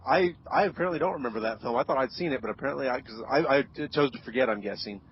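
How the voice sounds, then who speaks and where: Fast-talking man hosting a group call. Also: mid-range voice, slight background noise. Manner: rambling, self-correcting, quick to laugh. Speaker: podcast host. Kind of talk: casual group chat. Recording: dull lo-fi call audio.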